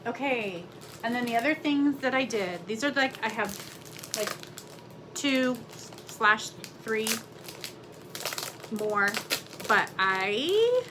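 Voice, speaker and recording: A woman's voice: a little high, big pitch swings, takes it slowly, long pauses, noisy background. A middle-aged woman, chatting casually and rambling with lots of fillers as she shows her stitching projects from her craft room at home. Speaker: cross-stitch vlogger. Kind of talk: casual chat.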